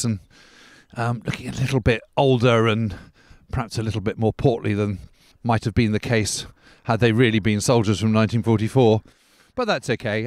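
A man's voice: mid-range voice, dry recording, clean studio sound. Man describing a battlefield on foot. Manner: rambling, hedging with "sort of" and "kind of". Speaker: podcast host. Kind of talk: on-location walking commentary. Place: outdoors by a country road.

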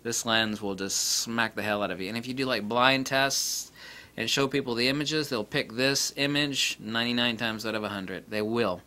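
A man ranting casually about camera lenses, blunt, profane and mocking, with big swings in pitch and loudness. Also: fairly even intonation, moderate pace. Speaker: camera lens reviewer. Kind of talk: casual opinionated rant.

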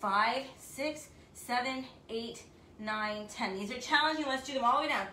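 A woman fitness instructor leading a home workout, counting reps out loud and cheering her class on. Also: fairly high pitch, normal speed, far from the mic, slight background noise. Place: her home, echoey room. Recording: echoey room, mic from afar.

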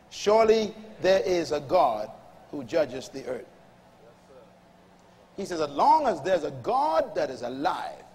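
A man's voice: fairly high pitch, a little mellow, big-room sound. A man preaching a sermon in an emphatic call-and-response manner, reading scripture aloud and urging the congregation to respond. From Bahamas. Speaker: pastor.

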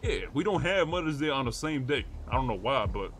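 A man's voice: mid-range voice, lively intonation, brisk, a bit bright, slight background noise. An American man streaming a roleplay game, chatting casually with heavy slang and a lot of swearing. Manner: slangy, swears a lot, asks many questions.

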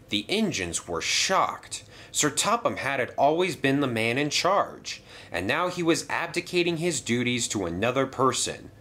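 Lively male storybook narrator. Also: mid-range voice, a little slow, few pauses. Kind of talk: storybook narration for a toy train video.

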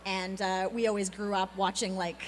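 A woman in her thirties, a voice actor being interviewed at a convention on a handheld mic, talking in a bubbly, quick, laughing way. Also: medium pitch, flat delivery. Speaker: voice actor guest. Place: convention hall. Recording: reverberant hall with faint background noise.

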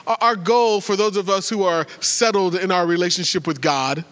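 A man with a high, bright voice gives announcements to his congregation from the pulpit. He is chatty and joking, often stumbling and restarting his words. His voice rings out with a long reverb in a large church sanctuary. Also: moderate pace. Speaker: pastor.

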